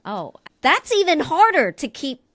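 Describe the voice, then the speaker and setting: A woman's voice: sits high, very animated, a little slow, a bit bright. A woman co-hosting a podcast, speaking with enthusiastic, effusive encouragement and repeating herself for emphasis. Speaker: podcast co-host. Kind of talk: casual interview chat.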